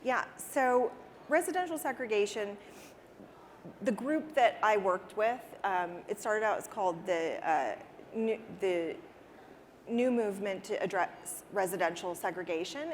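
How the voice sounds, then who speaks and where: A woman's voice: mid-range voice, expressive, a little slow, a little hiss or hum. A woman answering interview questions in an earnest, conversational way, often repeating words as she restarts a thought. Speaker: interview guest, interior designer. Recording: reverberant hall with faint ambience.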